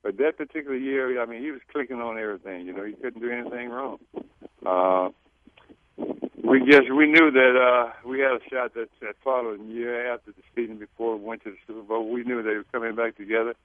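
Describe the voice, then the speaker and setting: A man, a former teammate, speaking as a guest on a phone-in radio interview in a halting, reflective way that repeats words. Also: medium pitch, no room sound. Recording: tinny phone line.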